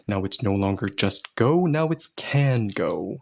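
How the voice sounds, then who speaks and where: A man's voice: lowish voice, lively intonation, a little slow, creaky, few pauses. A man teaching Korean grammar to learners, explaining each step patiently and with a playful touch.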